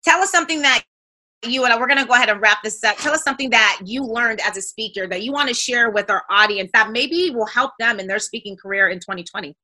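A woman's voice: on the high side, fast talker, bright, forceful tone, rough recording. A woman hosting an interview, encouraging her guest with short affirmations. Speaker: interview host.

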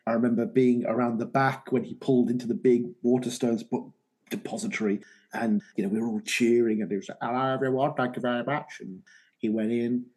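A man's voice: medium pitch, flat delivery, fairly quick, dark tone, husky, poor audio. A man with a Birmingham English accent hosting a podcast, chatting casually and poking fun at himself. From England. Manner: self-deprecating, jokey. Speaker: podcast host. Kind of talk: casual chat.

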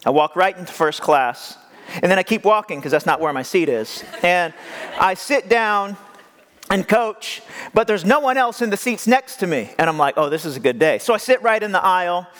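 A man's voice: sits high, lively intonation, normal speed, a bit bright. A male pastor preaching in a joking, conversational way, with self-deprecating asides. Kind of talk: humorous sermon storytelling. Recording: long hall reverb.

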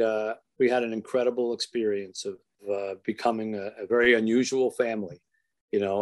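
An older man, an author, telling a personal story in an earnest, halting way, with many restarts and soft trailing phrases. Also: on the low side.

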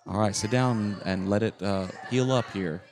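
A man's voice: fairly low pitch, normal speed, background noise. A middle-aged man co-hosting a podcast in casual chat, rambling and describing what he sees around him at a campground. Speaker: podcast co-host. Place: campground, indoors in a noisy shared space.

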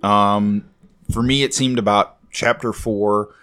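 A man co-hosting a comics podcast, talking in a measured, thoughtful way with pauses. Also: lowish voice, steady tone, a bit bright, smooth. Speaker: podcast co-host. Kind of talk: casual chat about comics.

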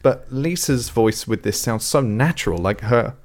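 A man's voice: medium pitch, lively intonation, moderate pace, a little mellow. A young man casually reviewing a song, talking at length in a rambling, thoughtful way. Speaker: music podcast co-host. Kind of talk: casual music review chat.

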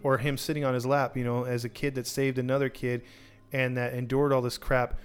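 A man's voice: mid-range voice, little pitch movement, brisk. A man hosting a podcast, casually telling a true crime story with many restarts and acted-out quotes.

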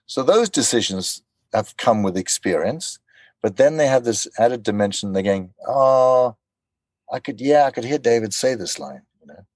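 A man being interviewed as a voice actor, telling animated stories and acting out quotes. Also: medium pitch, moderate pace, dry recording. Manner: animated storyteller, acts out quotes. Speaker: voice actor guest. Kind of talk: casual interview chat.

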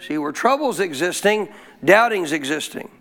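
Pastor, male, high voice, preaching with call-and-response and scripture quotes. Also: animated, normal speed, fairly bright tone. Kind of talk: sermon.

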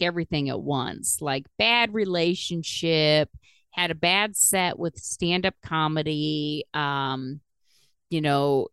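Middle-aged woman, podcast host, lower voice with lively swings, profane and laughing, dry close mic. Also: clear, resonant tone, no room sound. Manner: profane, animated, laughing while she talks. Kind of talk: casual storytelling chat.

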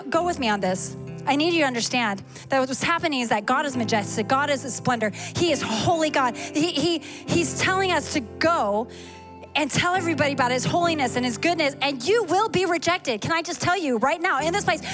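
A woman preaching a sermon at a church service, animated and fast, reading Scripture and asking the congregation questions. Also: high-pitched. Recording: sermon with clear music behind.

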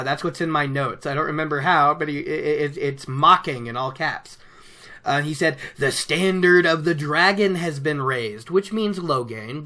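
A man chatting casually as he recaps a book, animated and laughing, acting out characters' lines. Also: on the high side. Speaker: book discussion host.

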